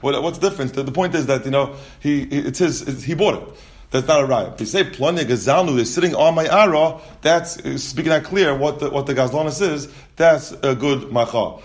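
A man's voice: a little high, brisk. A man teaching a Talmud class. He reads the Aramaic text aloud and explains it in English, often restarting his sentences.

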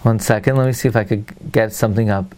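A man teaching a Torah class. He asks rhetorical questions and pauses with fillers while he looks for the next word. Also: lowish voice, steady tone, a little mellow.

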